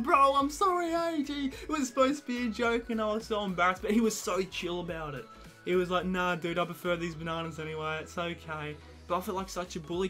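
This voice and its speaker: In a casual vlog, a young man rambles through sweary, self-mocking stories to the camera. His voice sits on the high side and sounds a bit bright. It's confessional storytelling from a vlogger.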